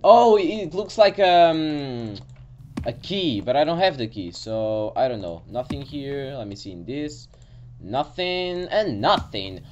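A gaming channel host, a jumpy young man, gives let's-play commentary on a horror game, nervous, talking to himself and swearing whenever he's startled. His mid-range voice is slightly mellow, with a bit of background noise.

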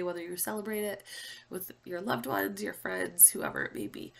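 A woman's voice: mid-range voice, huge pitch swings, a little fast, creaky. A stuffy, congested young woman hosting a casual vlog update, chatty and apologetic with many fillers. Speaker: channel host.

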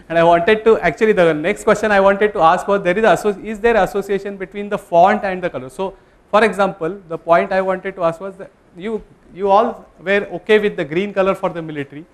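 A man giving a classroom lecture, talking in a conversational way, polling the students and correcting himself mid-sentence. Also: high-pitched. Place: lecture room.

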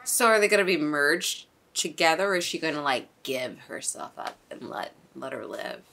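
A woman's voice: low voice, animated, normal speed, gravelly, bright, forceful tone. A young woman hosting a casual anime reaction, chatty and exclamatory, swearing and laughing as she talks.

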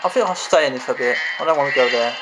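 A man's voice: medium pitch, very fast, heavy background noise. A man giving frustrated gameplay commentary, swearing and exclaiming. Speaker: gamer. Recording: game music behind the voice.

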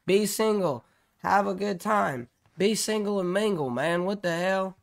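A man's voice: fairly high pitch, fairly bright tone, lightly acted. A man putting on a Southern US accent to voice a folksy fortune teller giving preachy love advice. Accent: put-on Southern US. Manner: preachy, drawling pep talk.

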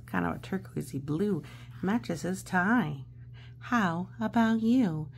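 A woman reading a children's picture book aloud slowly and playfully, chatting about the pictures and acting out the silly noises. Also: on the low side, gravelly, a little hiss or hum. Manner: slow, gentle, playful, acts out noises.

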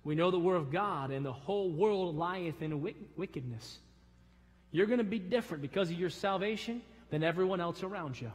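Middle-aged male pastor, fervent sermon delivery with loud surges and hushed drops, high voice, church hall reverb. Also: lively intonation, fairly quick. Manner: preaching with sudden loud rises and soft drops. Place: church sanctuary.

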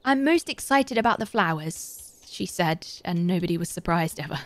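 A British woman streamer chatting casually as she plays, reading out chat and getting excitable. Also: fairly low pitch, normal speed. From Britain. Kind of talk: casual gaming commentary.

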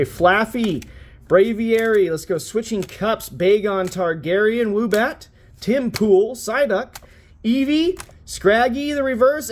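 Brief: young male host, high voice, casual foul-mouthed card-opening commentary, faint background hiss. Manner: profane, wisecracking, frustrated. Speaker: pack-opening channel host.

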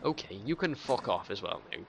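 A man's voice: fairly low pitch, big pitch swings, fairly quick, gravelly, a little hiss or hum. A man commentating a game playthrough, hyper and sweary, reading the objectives aloud as he goes.

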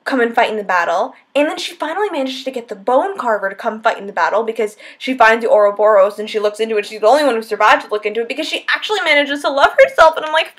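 A woman's voice: on the high side, expressive, fast, hardly any pauses, a bit bright. A young woman vlogging about a book she just finished, gushing and breathless, breaking into squeals and near-tears. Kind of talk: excited spoiler-filled book talk. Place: at home, lit by setting sun.

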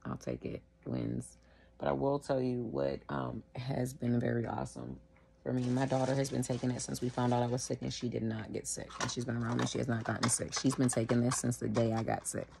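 A sick woman at home, wheezing and short of breath, talking casually to the camera in a tired, slow way. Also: a bass voice, creaky, warm tone, a little hiss or hum. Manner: tired, slow, filler-heavy. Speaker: vlogger sharing her illness.

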